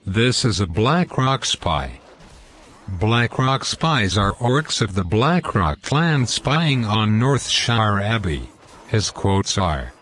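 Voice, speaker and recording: Slow, careful man narrating gameplay. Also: on the low side, lively intonation, a bit bright, a little hiss or hum. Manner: deliberate, reads out lore and in-game quotes. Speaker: gameplay commentator.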